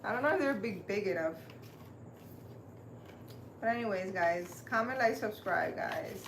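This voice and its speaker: A spiritual healer who hosts her own channel chats animatedly in a casual live stream, often laughing with her viewers. She has a medium-pitched, expressive voice, a little slow, with a bit of hiss or hum.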